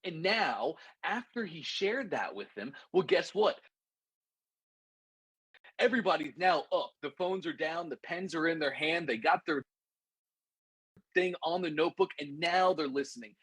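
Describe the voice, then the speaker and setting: A man teaching a course, telling a lesson story in an animated, repetitive way and calling his listeners "guys". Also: on the high side, unhurried, long pauses, breathy edge, no echo. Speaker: course instructor.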